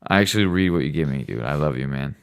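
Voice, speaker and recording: A man's voice: extremely low pitch, lively intonation, fast, vocal fry, clean tone. A man talking casually as a father hosting a home podcast with his son, teasing and joking with him. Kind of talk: casual late-night chat.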